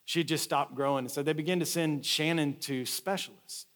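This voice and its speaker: Higher-voiced man preaching a sermon. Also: normal speed, fairly bright tone. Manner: conversational storytelling with frequent restarts. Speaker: lead pastor.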